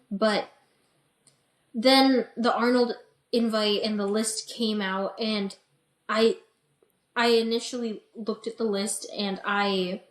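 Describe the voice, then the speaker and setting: A young adult woman, an interview guest and bikini competitor, telling her story in a chatty, animated way with lots of "like" and "you know". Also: a little high. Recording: roomy echo.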